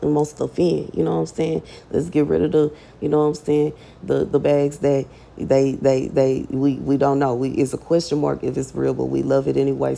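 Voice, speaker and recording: A woman's voice: deep voice, vocal fry, dark tone. A woman giving a casual prophetic message to her online audience, chatty and emphatic, with slang and scripture read aloud. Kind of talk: casual prophetic preaching to camera.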